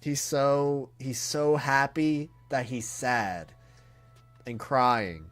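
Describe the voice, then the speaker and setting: A man streaming a live reaction, awestruck and emotional, talking in halting bursts that trail off and restart. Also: medium pitch, fairly bright tone, faint music behind. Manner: emotional and earnest. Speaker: streamer reacting to a comic chapter.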